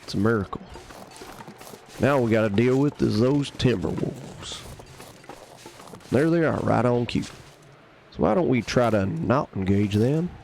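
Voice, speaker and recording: A man's voice: medium pitch, lively intonation, unhurried, creaky, pauses often, darkish tone, a little hiss or hum. Wry man streaming a survival game. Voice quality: wry, joking. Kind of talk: casual gameplay commentary.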